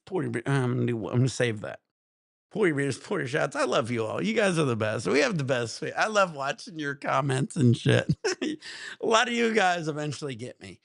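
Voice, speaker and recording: A man's voice: on the high side, big pitch swings, fairly quick, gravelly, a bit bright. A man hosting a casual livestream, chatting with viewers, laughing a lot and breaking into profane rants. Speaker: livestream host.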